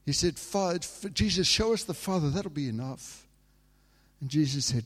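Husky and fairly high-pitched, an English preacher speaks at normal speed with lively intonation and a long reverb tail. His sermon relates a personal story, rising from hushed, quiet moments into loud, fervent outbursts.

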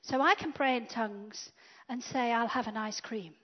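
High-voiced woman preaching with big swings. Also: normal speed. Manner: dynamic, swinging from loud to hushed whispers. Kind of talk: sermon. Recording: dull lo-fi sound.

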